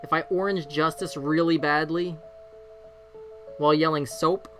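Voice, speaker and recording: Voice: mid-range voice, fairly even intonation, a little slow, music in the background. A streamer in their forties, chatting casually and self-deprecatingly from a bedroom, swearing freely and laughing often. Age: 40s. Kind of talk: casual live-stream chat.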